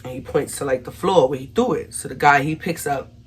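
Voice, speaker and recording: A young woman with a New York accent telling a storytime vlog, animated and acting out the quotes, talking straight to her viewers. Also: deep voice, fairly quick, slightly rough. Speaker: vlogger.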